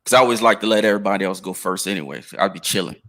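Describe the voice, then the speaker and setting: A man's voice: sits low, rapid-fire, pushed and bright. An American man chatting casually on a podcast, telling stories in a laid-back, slangy way. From United States. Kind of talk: casual chat.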